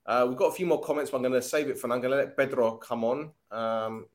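Male stream host, mid-pitched, laid-back banter, cheeky and profane, chatty football talk. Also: quick pace. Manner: jokey, swears freely, laughs often. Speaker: host of a fan livestream. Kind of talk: casual football chat.

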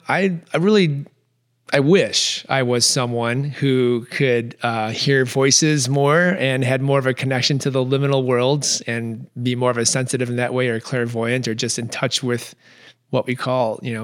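A man's voice: medium pitch, a bit bright. A man hosting a podcast, telling a personal story in a reflective, earnest way with frequent restarts. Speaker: podcast host.

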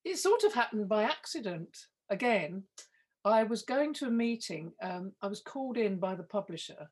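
A woman author, a guest on a podcast, chatting in a relaxed way and laughing easily. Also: medium pitch, normal speed, husky. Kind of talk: casual interview chat.

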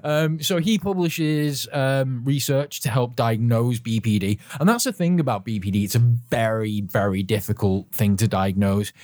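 A man in his usual middle voice talks loosely through a podcast episode, wandering off on tangents, dropping the odd swear word and laughing along. The sound is dry and close, with no room around him. He sounds relaxed, like he has a drink at hand. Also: medium pitch, moderate pace, few pauses, no room sound. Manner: rambling, chatty, swears freely, laughs often; sips a drink while talking. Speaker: podcast host. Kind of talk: casual podcast chat.

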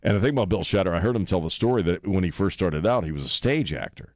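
A man with a low voice hosts a talk radio show, rambling loosely and poking fun at himself between filler words. The studio sound is close and dry, with no room echo. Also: lively intonation, quick pace. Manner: loose and rambling, lots of uh fillers and self-mocking jokes. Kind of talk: casual talk radio chat. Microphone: studio microphone.

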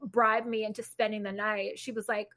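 A woman's voice: mid-range voice, little pitch movement, moderate pace, sharp tone. A woman podcast co-host in casual chat, blunt and profane in her reactions.

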